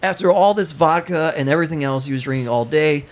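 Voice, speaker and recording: A man hosting a podcast, telling a long funny story in a lively way and laughing as he goes. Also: a little high, fast talker. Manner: animated, laughing while telling stories. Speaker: podcast host. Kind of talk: casual storytelling.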